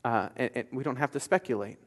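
A man, a pastor, delivering a sermon, moving between forceful declarations and quiet storytelling. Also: mid-range voice, quick pace, long reverb tail. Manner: emphatic, swings from loud declarations to soft storytelling.

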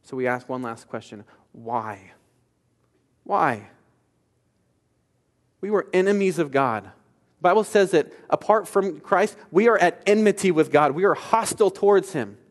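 A man, a pastor, delivering a sermon, moving between forceful declarations and quiet storytelling. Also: high voice, animated, unhurried, pauses often, big-room sound. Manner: emphatic, swings from loud declarations to soft storytelling.

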